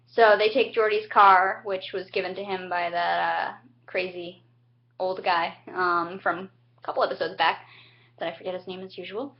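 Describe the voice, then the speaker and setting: A young woman giving a chatty, casual recap of a TV episode, acting out the characters' lines with sudden high-pitched jumps. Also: moderate pace. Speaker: TV recap vlogger. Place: home, indoors. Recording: dull lo-fi home webcam audio.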